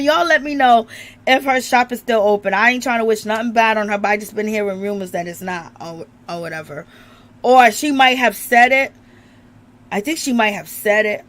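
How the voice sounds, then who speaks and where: Chatty woman with a strained voice. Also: mid-range voice. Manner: chatty, laughs often, calls viewers y'all and baby. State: strained voice, recovering from illness. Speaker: reality TV recap vlogger. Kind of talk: casual chat to viewers.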